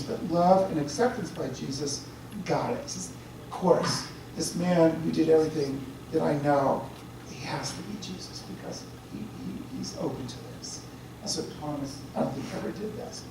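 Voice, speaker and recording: Man, priest, chatty lecture, checks in with listeners, very echoey room. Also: high-pitched. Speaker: priest giving a talk. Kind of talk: conversational lecture. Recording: very echoey room, distant mic, faint hiss.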